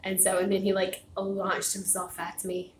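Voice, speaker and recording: A woman's voice: medium pitch, monotone, normal speed. A woman chatting casually on a home livestream, rambling and laughing often, growing tired and out of breath. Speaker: livestream host. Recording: echoey room with faint noise.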